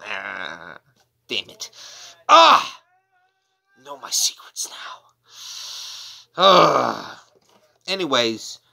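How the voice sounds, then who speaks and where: A man's voice: fairly high pitch, bright, forceful tone. A man chatting casually at home on his couch, a wrestling figure collector who rambles and throws in crude jokey asides. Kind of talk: casual unboxing chat.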